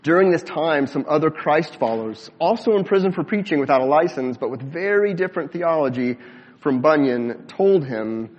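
A man preaching a sermon as pastor, measured and deliberate, slowing down for emphasis and dropping low at the ends of phrases. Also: animated. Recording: dull sound with long hall reverb.

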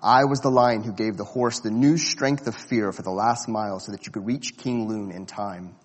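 A huge, ageless lion speaks low, slow and grave, as a storyteller puts him on. The voice has a breathy, husky edge and rings out in a long echoing reverb. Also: male voice, steady tone, close to an everyday voice. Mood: solemn. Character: vast deep-voiced lion spirit, calm, solemn, ageless.

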